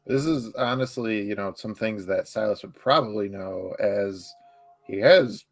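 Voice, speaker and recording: A man's voice: on the low side, measured pace, faint music behind. A man player in casual, joking table talk.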